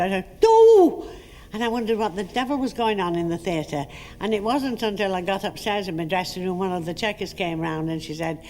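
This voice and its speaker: An older actress telling lively stories about her career in an interview, acting out what people said. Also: mid-range voice, long reverb tail, slight background noise. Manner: chatty anecdotal, acts out quotes. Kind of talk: storytelling interview.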